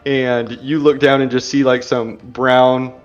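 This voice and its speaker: A man's voice: mid-range voice, little pitch movement, a little slow, clear, resonant tone, faint music behind. A man narrating a tabletop game as game master, casual and chatty with filler words, on a dull lo-fi recording.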